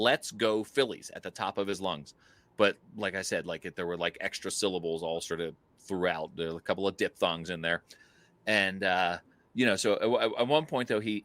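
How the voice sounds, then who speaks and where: Low-voiced man telling a story. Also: dry recording. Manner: animated storyteller, frequent fillers and laughs. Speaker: podcast co-host. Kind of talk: casual storytelling chat.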